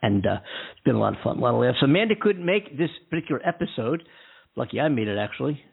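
A man's voice: medium pitch, big pitch swings, fast talker, gravelly, husky. A man hosting a podcast alone, chatting casually and rambling with lots of fillers and restarts. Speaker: podcast host. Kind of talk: casual solo podcast chat. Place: California. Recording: tinny phone-like line.

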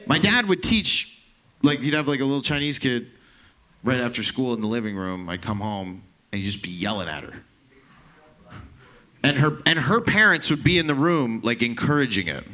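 A young male comedian from Canada on a club stage, talking into a handheld mic. His pitch swings all over as he riffs, swears freely and drops into put-on voices to mock people. The tone is bright and forceful. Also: expressive, moderate pace. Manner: profane, loose and riffing, slipping into mocking voices. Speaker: stand-up comedian. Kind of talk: stand-up set with crowd work.

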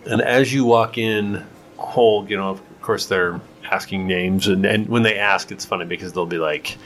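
A man's voice: lowish voice, steady tone, normal speed, a bit bright. A man narrating as game master in a loose, rambling way with many fillers.

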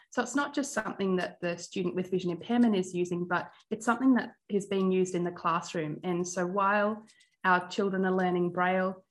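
A woman's voice: fairly low pitch, poor audio. A woman who teaches music, a guest in a podcast interview, talking cheerfully and chattily with frequent ums and laughs. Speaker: guest, primary music teacher and Braille educator. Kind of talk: casual interview.

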